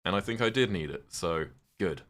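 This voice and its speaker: Streamer, male, very low voice, loose and chatty, casual swearing. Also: lively intonation, normal speed, fairly bright tone. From United Kingdom. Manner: chatty, answers viewers' questions, swears casually. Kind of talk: casual live-stream chat while gaming.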